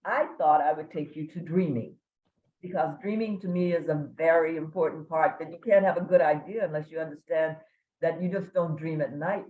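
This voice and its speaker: Older woman telling a folksy story. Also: on the low side. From Kentucky, USA. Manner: folksy, humorous storytelling with dramatic pauses. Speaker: guest speaker. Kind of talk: storytelling lecture. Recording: echoey room, tinny phone-like sound.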